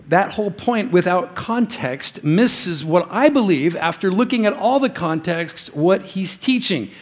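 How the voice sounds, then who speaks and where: A young man preaching a casual, joking sermon in a church, acting out little voices as he goes. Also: sits high. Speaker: pastor.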